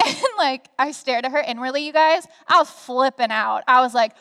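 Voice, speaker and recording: A young woman speaking on stage, telling a story in a chatty, animated way with many fillers. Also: high voice, moderate pace, few pauses. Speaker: guest speaker. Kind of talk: conversational sharing on a church stage. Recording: reverberant hall sound.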